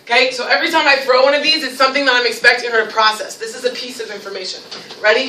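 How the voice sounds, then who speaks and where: A woman presenting a lively teacher workshop, playful and animated, breaking into demonstrations in a large room. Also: on the high side, rapid-fire, far from the mic, slight background noise. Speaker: special education director leading a teacher workshop. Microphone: distant from the recording mic. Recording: echoey room recorded from afar.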